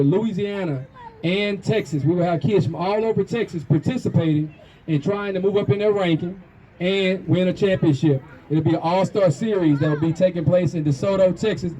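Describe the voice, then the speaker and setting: A man's voice: high voice, mellow, dull audio, a little hiss or hum. A man hosting a youth football show, interviewing players and coaches outdoors at a field with upbeat, punchy promoter's hype. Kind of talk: sideline interview after a game.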